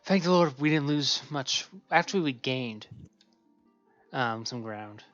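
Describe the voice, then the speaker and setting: A man streaming a game, chatting casually and narrating what he sees with excitement. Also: mid-range voice, a little slow, no echo, muffled recording, faint music behind. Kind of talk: casual chat while gaming.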